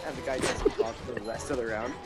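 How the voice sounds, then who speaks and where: A man telling gaming stories to a friend, animated and swearing freely. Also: medium pitch, quick pace, over loud music. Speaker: friend joining the stream. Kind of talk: casual gaming chat.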